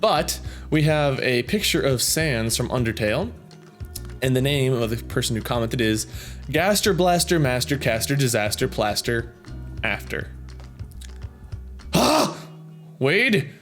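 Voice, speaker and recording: A man's voice: medium pitch, expressive, moderate pace, soft background music. A man in his thirties hosting a gaming channel, casually reading out viewer comments in a rambling, self-amused way. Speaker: YouTube gaming channel host.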